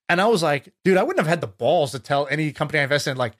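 A man's voice: a little high, fast, few pauses. A man hosting a podcast, telling a story in casual chat and acting out the voices of the people in it. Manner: animated storyteller, acts out quotes. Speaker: podcast host. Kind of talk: casual conversation.

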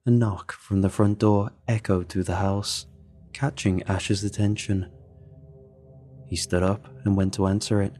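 Brief: low-voiced man, steady dry storytelling narration, faint music behind. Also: measured pace. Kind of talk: first-person story narration.

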